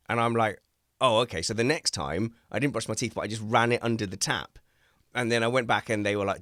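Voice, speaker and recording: A man's voice: lowish voice, a little fast, no echo. Man telling rambling stories, dry sound. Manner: rambling, animated storyteller who acts out quotes; self-mocking, laughs at his own stories. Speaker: host. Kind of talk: casual chat.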